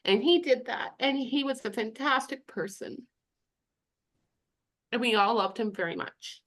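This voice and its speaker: A woman speaking at a memorial over a video call, teary and sick with covid, halting and heartfelt. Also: a little high, a bit bright. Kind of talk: emotional personal tribute.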